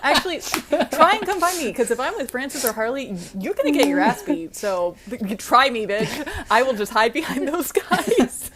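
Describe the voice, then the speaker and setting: A young woman co-hosting a podcast, telling stories in casual chat, animated, laughing often and swearing freely. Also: high-pitched, normal speed, over a noisy crowd. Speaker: podcast co-host.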